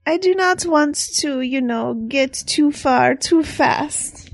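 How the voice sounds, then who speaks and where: A woman voicing a shy young French princess in a comic scene, with a put-on French accent and halting, broken English. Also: high voice, gravelly, no room sound, full character voice. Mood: hesitant.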